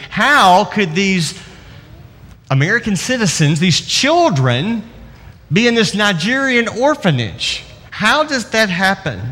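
A male pastor preaching a sermon, telling a story and slowing down to stress key words. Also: fairly high pitch, fairly bright tone, big-room sound. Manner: storytelling, slows down for emphasis.

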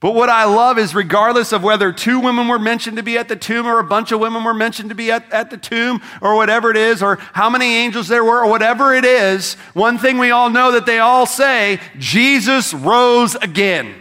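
Bright-voiced man preaching a sermon. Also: very high voice, steady tone, fairly quick, hardly any pauses, clear, resonant tone. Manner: conversational, emphatic, speaks straight to the congregation. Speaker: pastor. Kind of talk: Easter sermon. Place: church service.

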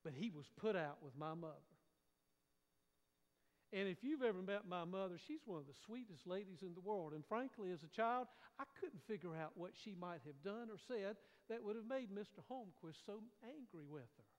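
A middle-aged man from North Carolina, preaching a folksy sermon that drops to a hush for suspense and then swells. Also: high-pitched, lively intonation, normal speed. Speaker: pastor. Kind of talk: storytelling sermon. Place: church sanctuary. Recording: long reverb of a large hall.

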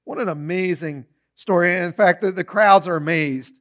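Guy preaching, high bright voice, tells the story all animated. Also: moderate pace. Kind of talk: sermon.

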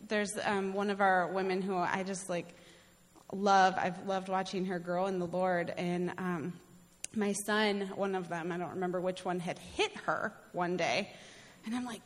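A woman's voice: medium pitch, moderate pace. A middle-aged woman missionary telling a personal faith story in a casual, chatty way, laughing often and restarting her sentences. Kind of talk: casual testimony. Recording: long hall reverb.

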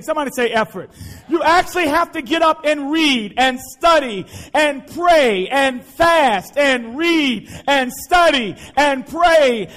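A male pastor preaching a sermon, impassioned and repetitive, often shouting to the congregation. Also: extremely high pitch.

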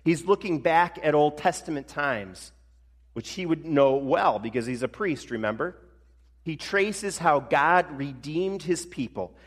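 A male pastor preaching a sermon in a conversational way, slowing down for emphasis. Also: fairly high pitch, lively intonation. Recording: long reverb of a large hall.

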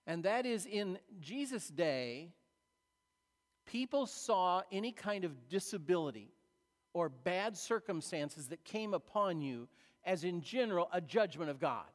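A man preaching a sermon as a pastor, retelling a story in a conversational way with dramatic pauses. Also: high-pitched, expressive. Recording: long reverb of a large hall.

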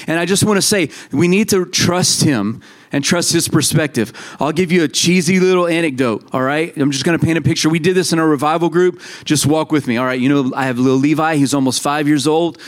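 A male pastor in his thirties preaches to his congregation. His voice sits slightly above the usual male pitch, and he keeps a relaxed, chatty delivery. He slips into quoted voices as he tells his stories. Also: fast talker. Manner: conversational, animated storytelling with quoted voices. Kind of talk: sermon.

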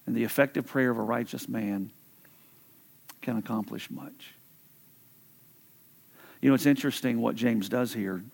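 A pastor preaching a sermon in an earnest, conversational way, often stumbling and repeating words. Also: male voice, mid-range voice, normal speed, gravelly, long pauses, a little mellow. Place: church.

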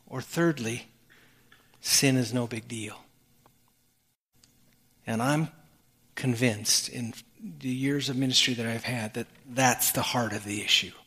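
A man's voice: medium pitch, slow pace, pauses often, a bit bright, breathy edge. A male pastor giving an earnest sermon, often restarting his phrases as he explains a passage of scripture. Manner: earnest preaching with repeated restarts. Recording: long hall reverb.

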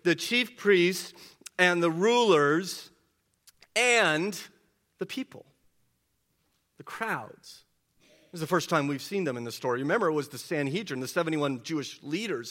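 A man preaching a sermon, asking the congregation rhetorical questions and swinging between hushed and loud delivery. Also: a little high. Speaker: pastor.

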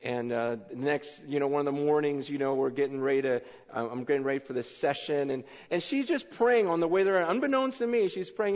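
A man preaching a sermon, telling stories in an excitable way with many fillers and restarts. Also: a little high, fairly quick, hardly any pauses. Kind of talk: sermon storytelling. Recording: echoey hall, dull lo-fi sound.

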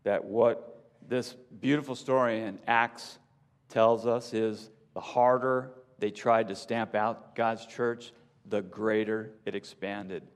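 A pastor reads a rhyming story in a measured, unhurried voice, then turns to casual preaching. His slow delivery rings with long reverb from a large hall. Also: fairly low pitch, fairly even intonation. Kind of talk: sermon with rhyming story reading.

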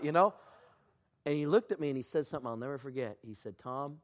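A man preaching a sermon as pastor, telling stories with acted-out quotes and swinging from hushed, low lines to loud, high outbursts. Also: expressive, quick pace.

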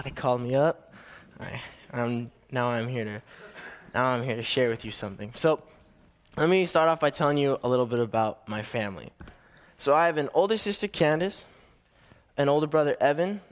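A young man giving his first sermon to a church, telling a family story in a casual, slightly nervous way with restarts. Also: medium pitch. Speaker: young preacher.

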